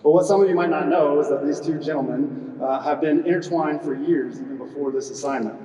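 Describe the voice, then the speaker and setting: A middle-aged man speaking from a podium in a large hall, joking with the crowd and scattering "uh" fillers through his speech. His voice sits a little high for a man and sounds distant. The recording carries a long, roomy echo with faint ambient noise. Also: brisk, dark tone, muffled recording. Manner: joking, chatty, with frequent "uh" fillers and audience banter. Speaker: squadron commander presiding at a retirement ceremony. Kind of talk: humorous ceremony speech.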